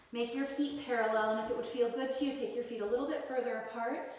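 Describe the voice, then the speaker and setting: A woman leads a yoga class with calm, encouraging cues, slightly out of breath as she moves through the poses with her students. Her fairly high voice is caught from some distance across the room. The sound is heavily echoey, with a long hall-like tail after each phrase. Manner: calm, encouraging cueing with frequent "right?". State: slightly out of breath while demonstrating. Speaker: yoga teacher. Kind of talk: guided yoga class instruction.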